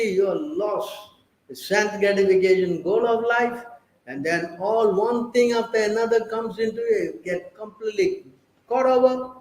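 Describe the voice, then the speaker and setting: A man's voice: high-pitched, roomy sound, low-quality recording. A man giving a scripture class, preaching and prodding his listeners with rhetorical questions.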